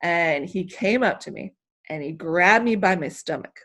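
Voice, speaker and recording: A woman from the United States, an athlete telling her story as an interview guest, emotional and animated, rambling with many fillers. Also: lowish voice, moderate pace. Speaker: interview guest, hammer thrower.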